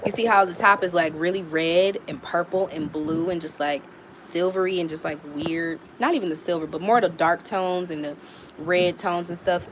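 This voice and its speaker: A woman's voice: lowish voice, steady tone, moderate pace, a little hiss or hum. A woman giving a casual live tarot reading, talking frankly and chattily to a viewer, with plenty of swearing. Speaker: tarot reader.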